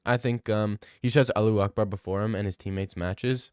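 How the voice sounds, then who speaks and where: A man's voice: fairly low pitch, steady tone, a little fast, a little mellow, smooth, no room sound, studio quality. A young man streaming, reading live comments in joking, rambling casual chat.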